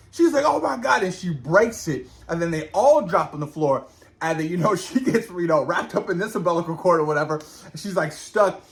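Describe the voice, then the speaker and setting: An animated man recaps a horror episode with slang and words repeated for emphasis. His pitch swings widely while he talks. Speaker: show reviewer. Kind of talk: reaction recap.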